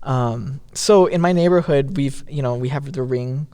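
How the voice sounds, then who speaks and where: A young man co-hosting a podcast, telling a story in a relaxed way, saying "um" and "like" a lot. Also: mid-range voice, normal speed, clean tone, long reverb tail. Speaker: podcast co-host. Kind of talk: casual storytelling chat.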